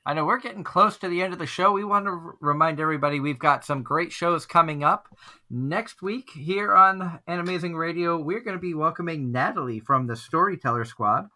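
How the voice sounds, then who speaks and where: A man's voice: a little high, fairly quick, sharp tone. A man hosting an online fan radio show, chatting casually and rambling with frequent restarts. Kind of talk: casual chat.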